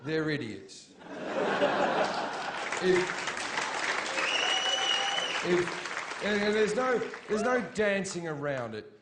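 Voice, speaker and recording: Man, stand-up comedian, middle-aged, crude and mocking, high-pitched voice, live stage. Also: big pitch swings, drawn-out words, pauses often, a loud crowd, very noisy. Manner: profane, blunt and mocking.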